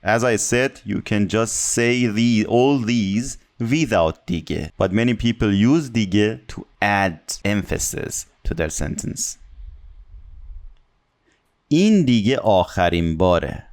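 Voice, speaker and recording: Slow-explaining male teacher. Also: on the low side. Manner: reads Persian examples quickly, then explains slowly in English. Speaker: Persian language teacher. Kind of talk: language lesson, explaining example sentences.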